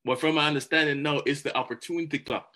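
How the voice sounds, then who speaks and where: Animated man giving a motivational talk. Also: fairly high pitch, fast talker. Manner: animated, repeats words, laughs often. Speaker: motivational speaker.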